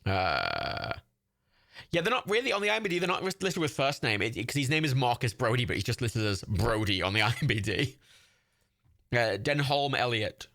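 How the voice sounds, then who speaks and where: A man hosts a livestream, offering loose, rambling watch-party commentary in a medium-pitched, sing-song voice at a moderate pace. His tone is gravelly, bright, and forceful, and he swears freely and laughs a lot.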